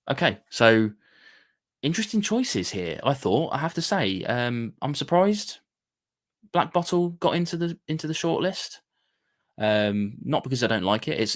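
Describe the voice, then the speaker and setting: A man with a fairly low, slightly bright voice hosts a casual whisky livestream. His chat rambles, full of fillers and restarts.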